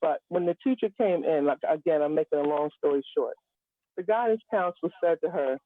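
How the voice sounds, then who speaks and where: A woman's voice: deep voice, expressive, a little fast, no echo. A woman guest telling a personal story in an earnest, emphatic way, with humorous asides, on a live stream. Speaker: guest speaker. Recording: tinny phone-line sound.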